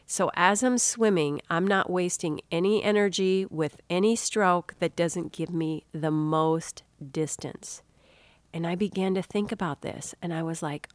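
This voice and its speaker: Low-voiced woman hosting an inspirational podcast. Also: a little slow, no echo. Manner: warm, chatty storytelling, addresses listener as dear soul. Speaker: podcast host and author. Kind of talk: inspirational talk.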